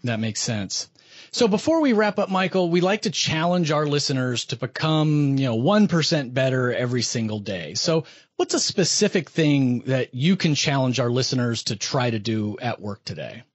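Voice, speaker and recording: Brief: male podcast host, mid pitch, friendly and upbeat, dry, dull lo-fi recording. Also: lively intonation, moderate pace, dry recording. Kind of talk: podcast interview hosting.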